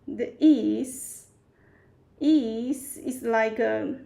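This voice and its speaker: A woman teaches a live beginner language class online, patiently repeating each word. Her voice sits a little high, with a gravelly fry running through it. She talks at a slow, deliberate pace. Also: dark tone. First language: Chinese. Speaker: Chinese teacher.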